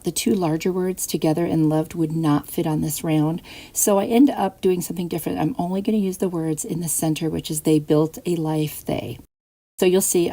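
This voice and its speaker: A woman's voice: on the low side, creaky. A woman hosting a craft channel, chatting casually through each step of a DIY tutorial voice-over. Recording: soft music behind.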